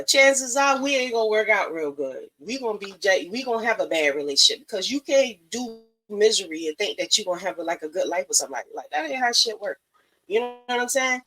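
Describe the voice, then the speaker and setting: A woman's voice: fairly high pitch, bright, forceful tone, rough recording. Blunt, profane woman giving advice. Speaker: podcast host. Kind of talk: casual live-stream monologue.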